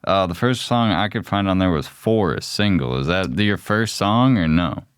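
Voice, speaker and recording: A man hosting a podcast, asking questions calmly with soft "mm" acknowledgments. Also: low-pitched, clean tone, no echo. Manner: unhurried questions with soft "mm" backchannels. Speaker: podcast host. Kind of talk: casual podcast interview.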